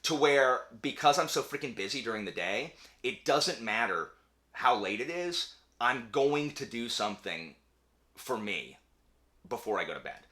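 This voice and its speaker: A young man hosting a casual chat with his wife, talking in an animated, ranting way with quick asides. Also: mid-range voice. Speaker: channel host; teacher.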